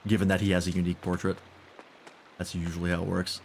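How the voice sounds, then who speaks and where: A man's voice: low voice, monotone, fast talker, creaky, slight background noise. A man giving casual, irreverent let's-play commentary while playing a game. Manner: joking, irreverent. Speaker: gaming streamer. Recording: game music behind voice. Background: game music.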